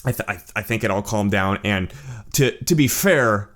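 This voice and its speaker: A man hosting his own channel, telling a personal story in a casual monologue, animated and blunt, swearing and often restarting his sentences. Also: fairly low pitch, normal speed. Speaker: channel host.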